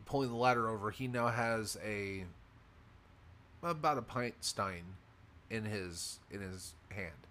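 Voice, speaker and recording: Rambling game master, mid-pitched man. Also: a bit bright. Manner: rambling, self-correcting, many fillers. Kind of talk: narrating a tabletop game online. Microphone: voice call.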